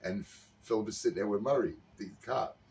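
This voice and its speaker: A man's voice: lowish voice, fairly quick, creaky, a little mellow. A man in casual chat, animatedly retelling a sitcom scene and acting out the characters' lines. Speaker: podcast co-host. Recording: slightly distant mic with faint background noise.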